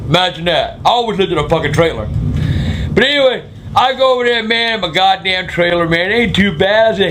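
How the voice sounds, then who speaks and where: An older man with a gravelly voice, telling a crude, swear-filled story as host of his own vlog. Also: high-pitched, normal speed, slight background noise. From South Carolina. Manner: crude, swearing constantly, loud outbursts. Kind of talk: profane storytelling.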